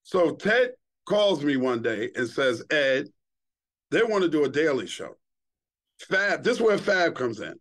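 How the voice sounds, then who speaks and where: A man's voice: fairly high pitch, unhurried. A middle-aged man, a podcast guest telling casual, profane stories and acting out the quotes. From Queens, New York. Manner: animated, profane, acts out quotes. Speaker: podcast guest, former TV host. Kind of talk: casual storytelling chat.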